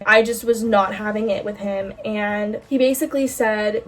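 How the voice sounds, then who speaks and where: A woman's voice: fairly high pitch, steady tone, moderate pace, recorded from a distance. Chatty young woman, slightly off-mic. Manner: candid and chatty, heavy filler "like", swears freely. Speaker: bracelet-making vlogger. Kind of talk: casual storytime chat. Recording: voice a bit off-mic, faint music behind.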